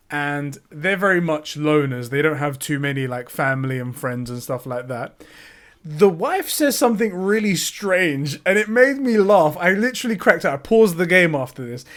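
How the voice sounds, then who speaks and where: A man with a fairly high voice co-hosting a casual gaming podcast. He tells stories animatedly and swears and laughs often as he chats on his podcast mic. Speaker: podcast co-host.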